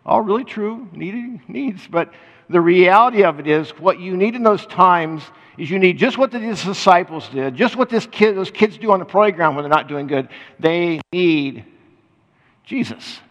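Older male pastor, conversational preaching, expressive delivery, big echoing church. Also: high-pitched, normal speed, lo-fi sound. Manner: animated, conversational preaching with laughs and restarts. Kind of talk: sermon. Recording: long hall reverb.

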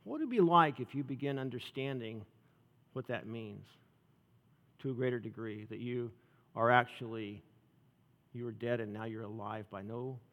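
Male pastor, conversational sermon, drops to hushed intensity, long hall reverb. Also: medium pitch, moderate pace, long pauses, dull audio. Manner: conversational, rising and dropping to soft intensity.

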